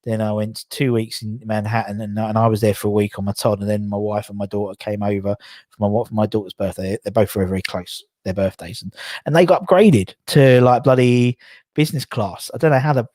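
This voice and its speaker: Bloke hosting a chatty live stream, rambles and backtracks, dry close sound. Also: male voice, on the low side, steady tone, a little fast, a little mellow, no echo. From England. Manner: rambling, self-correcting, chatty. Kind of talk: casual live-stream chat with viewers. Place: home.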